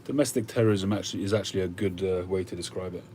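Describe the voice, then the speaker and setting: A man hosting a livestream chats casually and muses aloud while answering viewer comments, hesitating frequently. His low voice is mellow and rapid-fire, with slight background noise.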